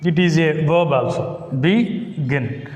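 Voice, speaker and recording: Slow Indian English teacher in echoey room. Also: male voice, fairly high pitch, a little mellow. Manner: slow, repeats words and rules, asks "got it?". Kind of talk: classroom lesson on word stress. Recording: echoey room, long reverb.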